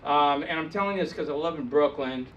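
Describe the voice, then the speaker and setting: A man's voice: on the high side, fairly quick, a bit bright, dull audio. A man from India doing a stand-up set on a comedy club stage, dry and teasing with the crowd. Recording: distant mic, noisy club.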